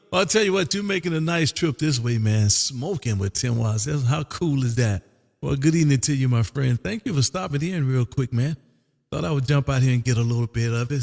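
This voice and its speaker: A man's voice: medium pitch, gravelly, a little mellow, big-room sound. A man running his ham radio station from Texas, chatting casually and repeating his call sign, with "man" dropped into nearly every line. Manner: drawling, repeats phrases, says "man" a lot. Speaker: ham radio operator and stream host. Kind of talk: casual on-air radio chat.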